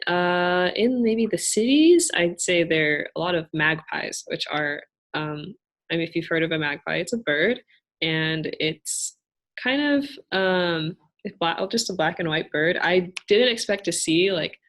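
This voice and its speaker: A young woman with a somewhat low voice explains things patiently to students. She talks in a careful, casual way and often hedges with fillers. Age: young adult. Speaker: student presenter.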